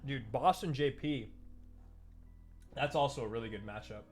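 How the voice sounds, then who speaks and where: A man's voice: mid-range voice, moderate pace, soft background music. A man in his thirties casually chatting with his live stream audience while waiting to cast an esports match, answering chat and joking about himself.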